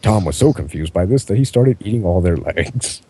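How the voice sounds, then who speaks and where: A man reading absurd fan fiction aloud in a mostly deadpan way, often cracking up. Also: deep voice, normal speed, noisy background. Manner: deadpan delivery breaking into laughter. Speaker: reader.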